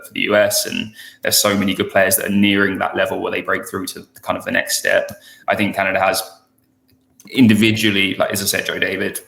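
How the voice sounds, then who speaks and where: A man who is a former professional defender, a podcast guest, giving measured opinions that weigh both sides. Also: on the low side, vocal fry, a bit bright, echoey room. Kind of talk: casual podcast interview.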